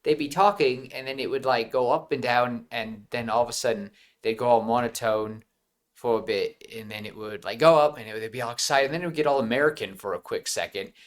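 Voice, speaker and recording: Speaking briskly at a medium pitch, this male co-host chats loosely about a movie on a podcast. He's animated and wandering, breaking into laughter and starting over frequently.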